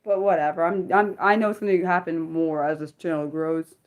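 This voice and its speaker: A woman's voice: low voice, steady tone, a little fast. A woman hosting an unscripted livestream, reading viewer chat and answering aloud in a rambling, restarting way, often asking her audience questions. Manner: rambling, thinks aloud, many restarts and fillers; talks directly to viewers and asks them questions.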